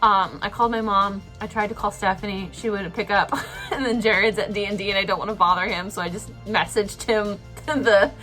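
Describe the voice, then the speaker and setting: A woman's voice: mid-range voice, fairly even intonation, brisk, sharp tone, soft background music. A young woman telling an emotional personal story to camera, rambling with lots of fillers. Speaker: vlogger.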